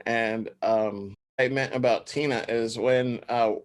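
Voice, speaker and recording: Man in his thirties, podcast host, rambling casual chat, medium pitch, laughs often. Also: steady tone, slow pace.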